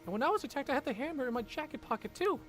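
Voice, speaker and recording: A man's voice: extremely high pitch, lively intonation, rapid-fire, a bit bright, soft background music, pitched above the performer's own voice. A man voicing a shaken young woman who survived an island curse, reading visual-novel dialogue in an earnest, urgent way.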